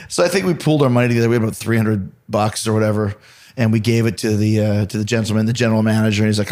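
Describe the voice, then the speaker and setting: A man hosting a podcast, telling lively anecdotes in casual chat, swearing now and then. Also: lowish voice, very fast. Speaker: podcast host.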